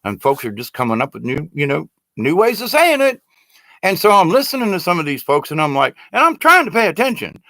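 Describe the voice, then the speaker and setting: A man's voice: on the high side, sing-song, fairly quick, sharp tone, no echo. A man in his sixties from the United States talking in a rambling, casual monologue who keeps getting indignant and exasperated. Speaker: video blogger.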